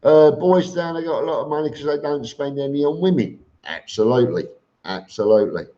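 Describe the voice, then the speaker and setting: A middle-aged man from England with a Cockney accent speaks a little fast in a fairly high, expressive voice with a dark tone, reading viewer comments on a live stream. He's blunt and plain-spoken, full of ums and repeated words, and the audio is dull and lo-fi.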